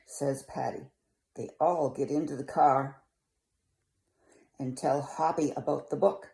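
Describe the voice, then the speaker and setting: A woman's voice: sits low, slow, long pauses, mellow. An older woman reading a picture book aloud to children, coaxing and asking the listener questions. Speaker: storyteller.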